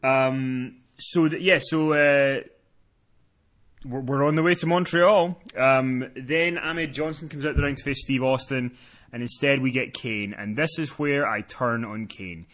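A man hosting a podcast in casual chat, recapping with animated storytelling and quick asides. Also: medium pitch. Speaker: podcast host.

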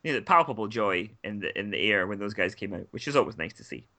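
Male co-host with a very bright, forward tone, wry and self-amused. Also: on the low side, lively intonation, fast. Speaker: podcast co-host. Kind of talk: casual wrestling recap chat.

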